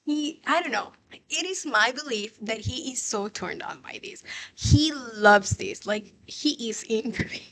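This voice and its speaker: A young woman giving casual reaction commentary on a TV show, excitable and swearing, breaking into laughs. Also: a little high, a little slow. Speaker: show reviewer.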